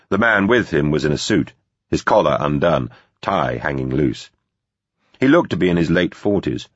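Audiobook narrator: man, very deep and husky voice, steady, measured reading. Dull, dry recording. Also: no echo. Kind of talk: scripted narration.

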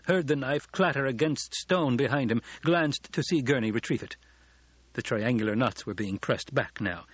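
A man narrating a novel as an audiobook, in steady storytelling. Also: mid-range voice, breathy edge, no echo. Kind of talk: scripted narration. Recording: dull lo-fi audiobook recording.

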